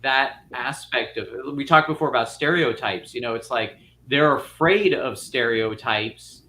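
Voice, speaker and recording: A man's voice: mid-range voice, measured pace, sharp tone. A man on a casual panel discussion, talking about casting and acting in long, rambling thoughts full of restarts and fillers. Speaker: filmmaker guest.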